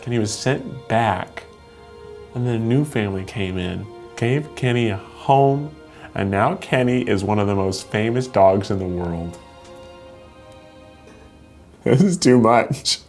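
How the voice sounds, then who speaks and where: A man's voice: mid-range voice, lively intonation, measured pace, faint music behind. A young man hosting, reacting playfully to dog posts with lots of laughs and getting emotional. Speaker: host judging dog posts. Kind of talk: casual reaction commentary.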